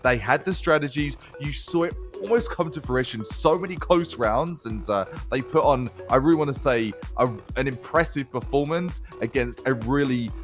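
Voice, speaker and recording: A man's voice: mid-range voice, moderate pace, hardly any pauses, faint music behind. A man with a Canadian accent casting a live esports match, joking and bantering with his co-caster. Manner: jokey, playful banter. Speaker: esports commentator. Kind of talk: live play-by-play and colour commentary.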